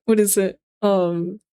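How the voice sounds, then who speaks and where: A woman's voice: mid-range voice, warm tone, smooth, no room sound. A young woman streamer joking casually between songs, self-deprecating.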